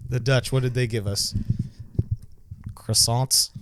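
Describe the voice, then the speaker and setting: A man's voice: mid-range voice, steady tone, slow pace, a bit bright, a little hiss or hum. A man co-hosting a podcast in casual chat, offhand with dry shrugging asides. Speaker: podcast co-host.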